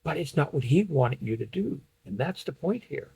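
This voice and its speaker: A man's voice: fairly high pitch, expressive, moderate pace, gravelly, a little mellow, husky, low-quality recording. A man teaching a Bible study lesson from slides, explaining a passage point by point and reading it aloud.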